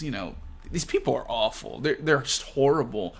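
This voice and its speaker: A man's voice: medium pitch, animated, moderate pace, creaky. A man hosting a video discussion of a comic chapter, talking casually with many asides and fillers. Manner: chatty, fillers like "you know". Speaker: video host. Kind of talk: casual chat about comics.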